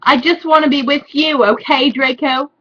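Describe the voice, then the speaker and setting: A woman voicing a melodramatic goth teenage girl with shrill, overwrought complaining. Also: steady tone, normal speed, sharp tone, dull audio.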